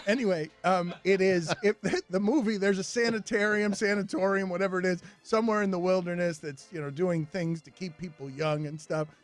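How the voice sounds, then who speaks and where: A man's voice: high-pitched, steady tone, a little fast, hardly any pauses, faint music behind. A man hosting a sports radio show, joking and laughing often. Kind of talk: casual radio chat.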